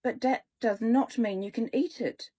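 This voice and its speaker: A woman's voice: fairly high pitch, a little slow, mellow, husky. A woman doing a sly old woman. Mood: knowing. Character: sly little old woman with a German-tinged accent.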